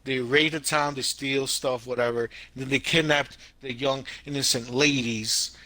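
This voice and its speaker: A man co-hosting a podcast in casual chat, telling stories in an animated way with sound effects and slang. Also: medium pitch, moderate pace, dry recording. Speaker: podcast co-host.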